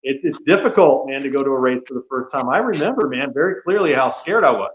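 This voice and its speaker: A man's voice: mid-range voice, lively intonation, fast talker, a little hiss or hum. A man talking as a podcast guest, telling stories casually with lots of "you know" and "man.". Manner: chatty storyteller, frequent "you know" and "man". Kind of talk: casual chat. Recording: echoey room.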